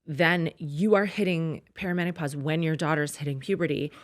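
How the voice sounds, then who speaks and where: A woman in her forties, a comedian guest chatting with wry, dry humor and quick asides. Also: low voice. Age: 40s. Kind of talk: casual chat.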